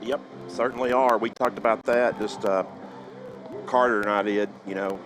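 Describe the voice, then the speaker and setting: A man giving relaxed pregame football commentary, full of hedges and fillers. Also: on the low side, moderate pace, music in the background, poor audio. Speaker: color commentator. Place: outdoors at a football field.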